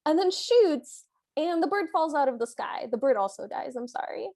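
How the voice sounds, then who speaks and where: A woman's voice: sits high, animated, normal speed, darkish tone. A woman co-hosting a podcast, casually retelling a film's plot scene by scene and quoting its lines. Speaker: podcast co-host. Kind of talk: casual film recap chat.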